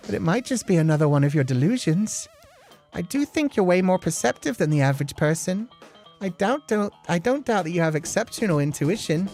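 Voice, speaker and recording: A woman's voice: on the low side, darkish tone, natural voice. A woman voicing a young sister in a visual novel, sweet on the surface and menacing underneath, with faint game music behind. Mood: calm, probing. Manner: sweet yet menacing, calls him Oni-chan. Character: cold doting younger sister, girl.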